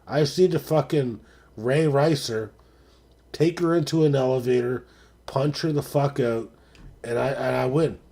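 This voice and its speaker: A man hosting a live stream, talking casually and profanely, dropping to mutters and then rising to excited shouts. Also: medium pitch, a little slow.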